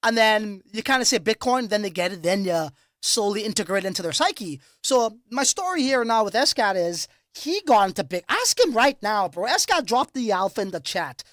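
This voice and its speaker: A man hosts a casual livestream and talks straight to his viewers. His voice sits fairly high for a man, and he tells stories in an animated, profane way. The sound is dry and close, with no room echo. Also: normal speed. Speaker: crypto livestream host.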